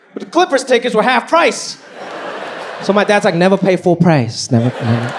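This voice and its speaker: A man performing live stand-up comedy, telling stories with high energy. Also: background noise. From Los Angeles. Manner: animated, high-energy storytelling. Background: audience laughing.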